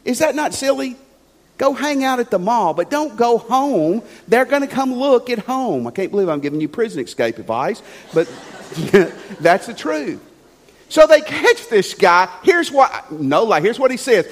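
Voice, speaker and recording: A male pastor preaching a sermon with animated storytelling, swinging between loud and hushed. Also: extremely high pitch, normal speed. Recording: long church hall reverb.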